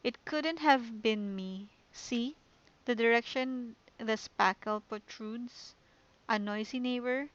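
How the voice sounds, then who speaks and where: Woman reading a poised schoolgirl club leader from a game, gentle and calm, on a dull lo-fi mic. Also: on the high side, slow. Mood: hushed. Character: poised confident teen girl club president. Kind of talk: reading game dialogue aloud.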